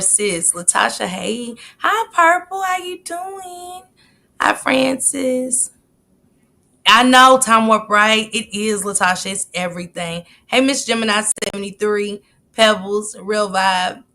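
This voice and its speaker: Woman w/ hosting a live stream, lively, shouting out chat folks by name. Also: medium pitch, unhurried.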